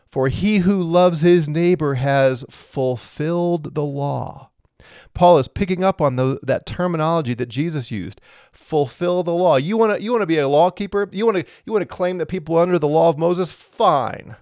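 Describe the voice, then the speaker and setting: Earnest preacher, dry sound. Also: male voice, a little high, animated, moderate pace, darkish tone, dry recording. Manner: earnest, emphatic, repeats phrases. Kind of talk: sermon.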